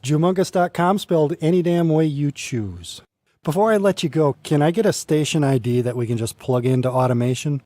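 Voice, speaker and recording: A man hosting a casual radio interview, relaxed and wry, in a studio. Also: a little high, a little fast, no echo. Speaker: radio host.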